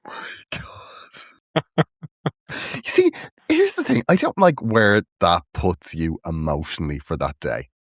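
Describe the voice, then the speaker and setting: Man, comedy podcast co-host, animated, dry room. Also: measured pace, dry recording. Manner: animated, breaks into high-pitched laughs and mock voices. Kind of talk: casual comedy chat.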